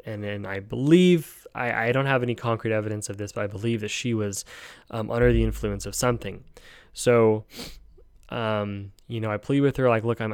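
Man, podcast host, low gravelly voice, halting and heartfelt storytelling, dry close sound. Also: dry recording. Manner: halting, heartfelt, many fillers and restarts. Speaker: podcast host and hospice worker. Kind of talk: personal storytelling.

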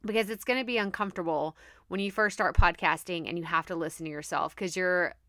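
Woman, Texan accent, podcast host, chatty and upbeat, bright forceful voice, dry close sound. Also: fairly low pitch, fast talker, dry recording. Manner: chatty, upbeat, laughs often, says "like" a lot. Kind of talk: casual podcast monologue.

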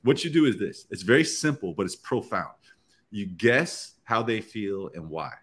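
A man's voice: fairly low pitch, expressive, moderate pace. A man who is a podcast guest, explaining step by step in casual round-table talk and often slipping into short acted-out bits of dialogue.

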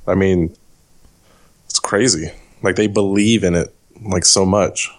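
A man's voice: deep voice, fairly even intonation, unhurried. A man co-hosting a podcast, talking loosely with lots of fillers. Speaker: podcast co-host. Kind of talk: casual podcast chat.

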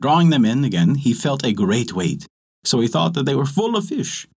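A man narrating a folk tale with an expressive storytelling cadence. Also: mid-range voice, moderate pace, breathy edge.

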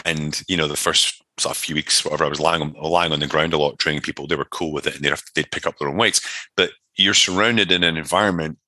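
Give me a very low, bright-toned man rambling through a story as an interview guest. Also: fairly even intonation, quick pace. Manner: rambling, many fillers and restarts. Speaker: interview guest, personal trainer.

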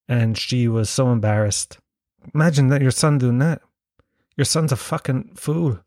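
A man's voice: mid-range voice, no room sound, studio quality. An Irish man with a Kerry accent, telling a rambling, self-mocking story and swearing freely. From Ireland. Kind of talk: storytelling monologue.

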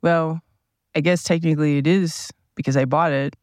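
A man's voice: fairly high pitch, steady tone, dry recording, studio quality. A man with a groggy morning voice, rambling casually through a solo podcast while seated at a table inside a parked RV. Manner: rambling, unhurried, self-questioning. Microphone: small plug-in mic powered by a tablet.

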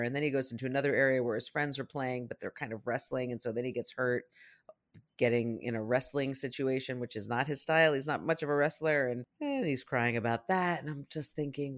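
A parent telling a rambling, animated story in casual podcast chat, often acting out what people said. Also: medium pitch. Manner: rambling, animated anecdotes with acted-out quotes.

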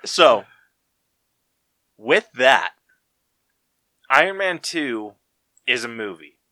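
A man's voice: medium pitch, very animated, very slow, sharp tone, no room sound. A man co-hosting a podcast, chatting casually and rambling with slang and fillers. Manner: rambling, laid-back, full of fillers and slang. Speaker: podcast co-host. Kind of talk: casual chat.

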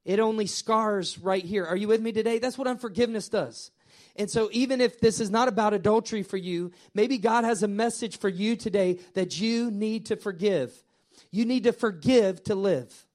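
High-voiced preacher with swelling delivery. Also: male voice, moderate pace. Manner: animated, repetitive preaching that swells and drops; addresses the congregation directly. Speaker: pastor. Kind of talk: sermon.

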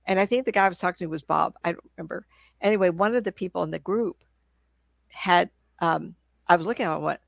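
Quick and gravelly, with a voice on the low side, an older woman with a sore throat shares rambling, casual stories and keeps restarting. She's a psychic medium on as a guest, and the studio-quality recording is dry.

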